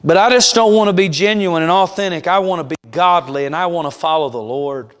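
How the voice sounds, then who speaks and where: A man preaching at a revival, telling stories with punch and speaking straight to the pews. His voice sits fairly high for a man. Long reverb from the church sanctuary trails every phrase. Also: fairly quick, clean tone. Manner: emphatic, storytelling, direct address to congregation. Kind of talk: sermon.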